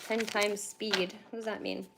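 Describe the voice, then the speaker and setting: A tired young woman from Canada, chatting fast on a livestream with lots of fillers while she gives a card reading. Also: mid-range voice, flat delivery, gravelly, heavy background noise. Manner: fast-talking, chatty, laughs often, many fillers. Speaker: tarantula reader on a livestream.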